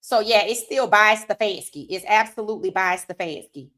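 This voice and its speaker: A woman hosting a live sports talk stream, reading viewer comments aloud and reacting with animated opinions, her voice worn from hours of streaming. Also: mid-range voice, moderate pace. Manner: animated, talks straight to chat, reads comments aloud. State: losing her voice.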